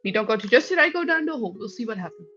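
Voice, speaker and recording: A woman's voice: fairly high pitch, sing-song, very fast, sharp tone. A woman player explaining her character's plan, blunt and emphatic, on a dull lo-fi mic. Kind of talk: casual chat.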